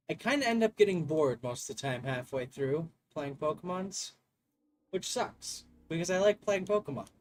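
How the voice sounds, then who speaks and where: A man giving casual, joking let's-play commentary, rambling and self-deprecating. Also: a little high. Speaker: gaming YouTuber.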